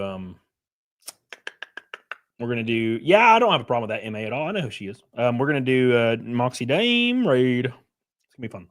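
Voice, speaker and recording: A man's voice: medium pitch, fairly bright tone. A man streaming live, chatting casually and crudely, joking around and thanking chat members by name.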